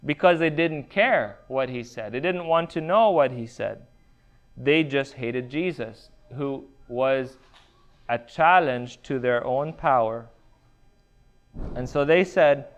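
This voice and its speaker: A man preaching a sermon, measured and deliberate, stopping often to ask his listeners rhetorical questions. His voice sits a little high for a man and comes through smooth and resonant. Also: animated. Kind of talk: expository sermon.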